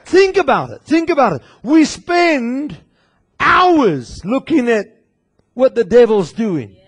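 High-voiced man preaching with passion. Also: big pitch swings, slow pace, slightly rough. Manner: impassioned preaching, at times shouting; talks directly to the congregation. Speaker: pastor. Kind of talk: sermon. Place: church.

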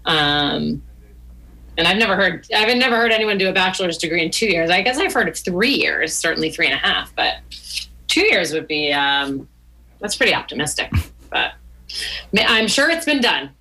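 A woman's voice: on the low side, sing-song, moderate pace, sharp tone, rough recording. A woman co-hosting a money podcast in casual chat, chatty with many fillers. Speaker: podcast co-host.

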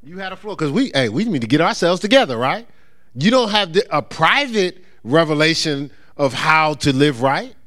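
A middle-aged pastor, preaching in a church in a loose, conversational way. His fairly high voice swings up and down as he slips into the voices of the people he describes. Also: sing-song, moderate pace, fairly bright tone. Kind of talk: sermon.

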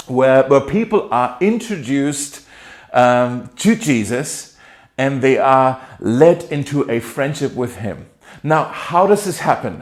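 A male pastor preaching a casual, playful sermon, acting out quotes with laughter. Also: on the high side.

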